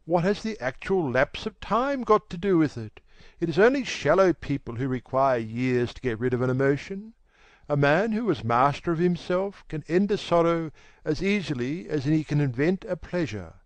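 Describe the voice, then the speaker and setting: A man's voice: on the high side, expressive, normal speed, dry recording, voice pushed up, close to an everyday voice. Vain, cold young gent, a male reader's character voice, lilting and dry, languid and dismissive. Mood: coolly aloof. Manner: languid, self-assured, dismissive. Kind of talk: audiobook character voice.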